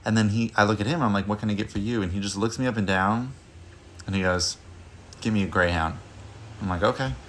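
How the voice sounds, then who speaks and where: A man's voice: on the low side, steady tone, fast, slight background noise. A man who used to work as a restaurant server, telling a story sarcastically and with exasperation. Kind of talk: casual storytelling.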